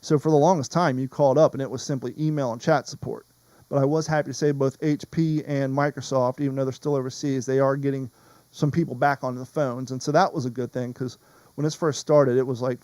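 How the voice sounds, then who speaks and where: A man's voice: medium pitch, a little mellow, no room sound. A man hosting a podcast in casual chat, rambling and wandering off topic. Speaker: podcast host.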